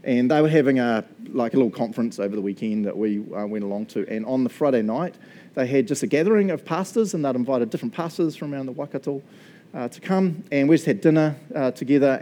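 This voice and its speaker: Middle-aged New Zealand pastor, warm low tone, chatty self-mocking sermon storyteller. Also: male voice.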